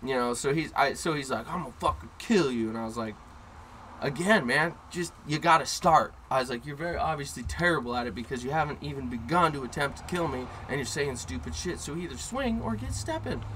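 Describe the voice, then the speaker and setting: Brash male co-host, bright forceful voice, foul-mouthed storyteller, faint noise behind. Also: medium pitch, a little fast, rough recording. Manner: brash, profane, animated storytelling. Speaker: podcast co-host. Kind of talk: casual storytelling chat. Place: inside a car.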